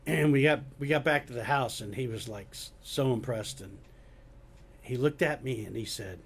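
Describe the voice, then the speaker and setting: An older man, a former police officer and guest, rambling through a story with restarts and throat clearing. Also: mid-range voice, normal speed. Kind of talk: casual chat.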